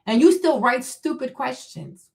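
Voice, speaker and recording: High-voiced woman ranting on a stream. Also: very animated, a little slow, creaky. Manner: confrontational, mocking, profane; rhetorical questions, answers herself. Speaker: streamer host. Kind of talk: live-stream rant answering chat.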